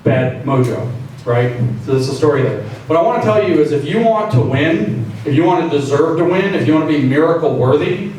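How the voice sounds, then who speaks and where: A man's voice: a little high, animated, a little fast, darkish tone. A man giving a joking, conversational speech to an audience at a meeting, acting out quoted voices. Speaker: invited speaker. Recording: very echoey room, distant mic, faint noise.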